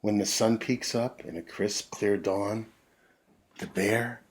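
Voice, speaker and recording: Slow, gentle man reading to kids. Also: lowish voice, breathy edge. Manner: gentle, drawn-out, expressive reading. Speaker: storyteller for children. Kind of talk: read-aloud picture-book narration.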